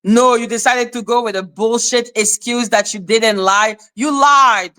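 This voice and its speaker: A woman's voice: a little high, a little slow, pushed and bright. Blunt woman ranting on a livestream. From Canada. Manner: blunt, profane ranting, greeting chat viewers. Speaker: live-stream host. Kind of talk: live-stream commentary.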